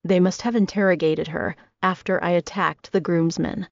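Woman in her twenties, low gravelly voice, steady first-person audiobook read. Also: normal speed. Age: 20s. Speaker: audiobook narrator. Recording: dry, slightly dull audio.

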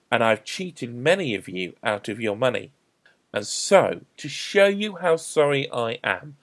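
A man voicing a short male tax collector in a children's Bible story, apologising eagerly to a crowd. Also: mid-range voice. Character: small repentant male tax collector, cheerful.

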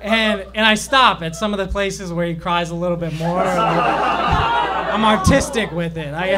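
A man's voice: high-pitched, slow, over a noisy crowd, heavy background noise. A young man doing a rambling, self-deprecating stand-up set on a comedy club stage, with plenty of fillers and restarts.

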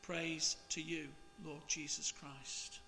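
Slow bright-voiced priest reading aloud. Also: male voice, fairly high pitch, creaky, long reverb tail, background noise. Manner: slow, measured, expressive reading. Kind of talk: reading the Gospel and preaching.

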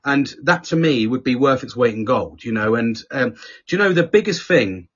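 A man with a husky, mid-range voice speaks at a normal speed and with plenty of expression. As a podcast guest in a candid, conversational chat, he tells personal stories, swearing constantly and often restarting his sentences. The audio is dull and lo-fi.

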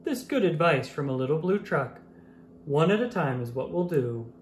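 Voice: mid-range voice, expressive, normal speed, slight background noise, close to an everyday voice. A reader voicing a cheerful male mayor in a storybook, speaking in a hearty, speech-making way. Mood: rousing. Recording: roomy echo.

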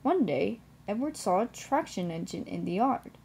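A young woman in her twenties calmly narrating a children's storybook. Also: medium pitch, gravelly, breathy edge. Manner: calm, deliberate reading.

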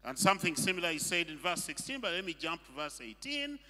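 High, lively preaching man in an echoing hall. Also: quick pace. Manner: emphatic preaching with rhetorical questions. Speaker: pastor. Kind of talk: sermon. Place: church hall. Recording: long reverb of a hall.

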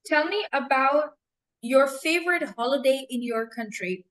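A woman teacher with a fairly high voice runs a mock speaking exam. She asks each question patiently, rephrases and spells words out when needed, and laughs easily between answers. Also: a little slow, fairly bright tone, low-quality recording. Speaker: English teacher acting as examiner.

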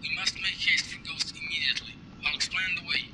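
An actor playing a calm, formal male scientist leader who speaks without contractions. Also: on the high side, a little fast, natural voice. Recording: game audio with steady background noise.

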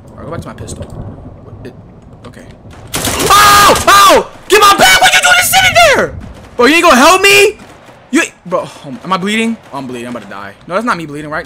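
A man doing excitable, slangy gameplay commentary, muttering one moment and yelling the next. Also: on the high side, fast talker, slight background noise. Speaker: gaming YouTuber. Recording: gunfire from the game behind.

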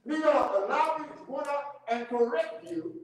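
A man leading a church Bible study, animated, repeating key words and laughing often as he teaches. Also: extremely high pitch, moderate pace. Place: church room. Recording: very echoey church room.

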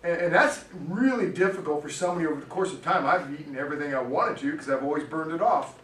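A man's voice: a little high, fast talker, a bit bright. A middle-aged man, a pastor, preaching a sermon in a chatty, storytelling way with frequent laughs, in a church sanctuary. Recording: echoey church hall, distant mic, faint noise.

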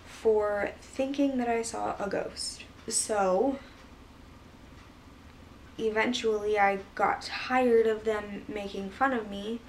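A woman's voice: medium pitch, fairly even intonation, slow pace. A woman vlogger casually retelling a personal story, rambling with lots of fillers. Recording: voice a bit far from mic, faint background hiss.

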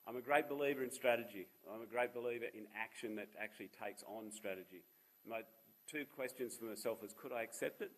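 A husky, mid-range voice comes through poor audio at a fairly quick pace. The speaker is an Australian man in his fifties, a charity founder giving a seminar talk in which he shares personal stories with self-deprecating humour.

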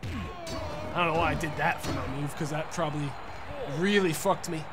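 A young man streaming a wrestling game, frustrated and profane, yelling at the referee between muttered plans. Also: a little high, moderate pace, loud music behind the voice, a loud crowd. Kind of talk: gaming commentary.

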